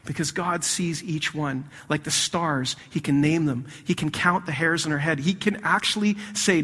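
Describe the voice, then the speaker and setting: A man preaching a sermon as pastor, animated, swinging between loud emphasis and hushed intensity. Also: a little high, moderate pace, few pauses, husky, long reverb tail.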